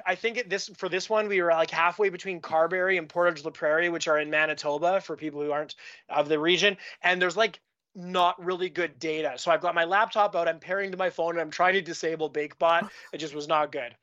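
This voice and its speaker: A man's voice: a little high, fairly even intonation, brisk, bright, forceful tone, highs cut off. A man from Canada, a guest on a podcast, talking casually about his work and telling stories with lots of restarts and fillers. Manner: rambling, with frequent restarts and fillers. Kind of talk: casual conversational storytelling.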